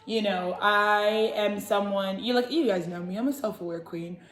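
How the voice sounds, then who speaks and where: A young woman hosting a tarot channel, talking in a casual, rambling and profane way with animated jokey asides. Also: mid-range voice, normal speed. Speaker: tarot reader and channel host. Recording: echoey room.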